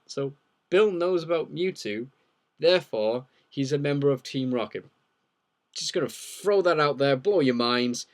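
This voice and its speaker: A man's voice: mid-range voice, darkish tone. Rambling young man on a livestream. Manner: rambling, jokey, reads viewer questions aloud. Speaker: livestream host. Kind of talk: casual live Q&A chat.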